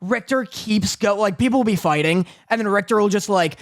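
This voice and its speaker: A man's voice: high-pitched, brisk. A man co-hosting a podcast in casual chat, opinionated and ranting, swearing freely. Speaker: podcast co-host.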